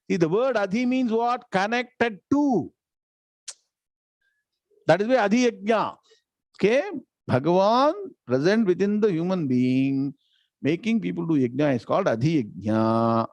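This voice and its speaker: A man teaching a scripture class, chanting Sanskrit verses slowly and often quizzing his students. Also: high voice, sing-song, darkish tone, dry recording. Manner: keeps quizzing the class with questions. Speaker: Gita and Vedanta teacher.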